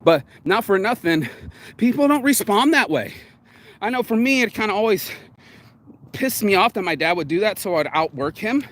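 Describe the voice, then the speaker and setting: A man's voice: sits high, expressive, normal speed, a bit bright. A man vlogging outdoors, rambling in a candid, confessional way with many fillers and restarts. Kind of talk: casual morning livestream monologue.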